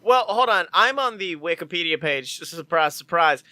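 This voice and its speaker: A man's voice: a little high, lively intonation, moderate pace, bright, forceful tone, no echo. A man co-hosting a podcast in casual chat, loose and profane, laughing often. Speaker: podcast co-host.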